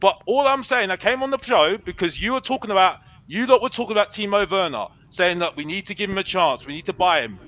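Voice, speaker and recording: A young man rants defiantly as a caller on a football fan show, circling back to the same points again and again. His voice sits high and bright. The sound is close and dry, with no room around it. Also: expressive, fast, hardly any pauses, dry recording, poor audio. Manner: repetitive, defiant, says bruv a lot. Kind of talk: heated fan rant.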